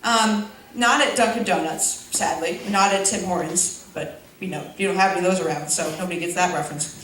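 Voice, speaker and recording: This comic's voice sits on the low side, fairly quick and a bit bright, with slight background noise. She's a young woman rambling through a stand-up routine full of fillers and self-deprecating asides, heard from a distance in an echoey school auditorium as the audience laughs.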